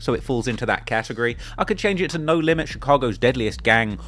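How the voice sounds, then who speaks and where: A man hosting a casual reaction commentary, sarcastic and joking as he answers critics of his video. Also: fairly high pitch. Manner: sarcastic, joking, fast and animated. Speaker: true crime channel host reacting to a clip.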